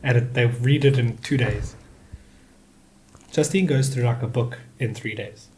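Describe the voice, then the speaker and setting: A man with a middle-pitched voice co-hosts a casual podcast. He teases and prompts the others as they talk. Faint noise hums behind him. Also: unhurried, a little mellow. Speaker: podcast co-host. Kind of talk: casual chat.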